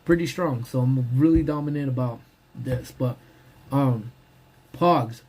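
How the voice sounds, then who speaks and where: A man's voice: mid-range voice, unhurried, darkish tone, breathy edge. Laid-back man chatting on a live stream. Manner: laid-back, slangy, greets viewers by name. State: talking while eating. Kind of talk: casual live-stream chat. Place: parked car.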